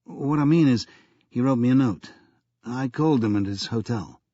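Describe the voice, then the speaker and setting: A man's voice: mid-range voice, normal speed, dark tone, dry recording, lo-fi sound, close to an everyday voice. A man voicing a nervous, evasive young male tycoon who answers hesitantly and stumbles over his words.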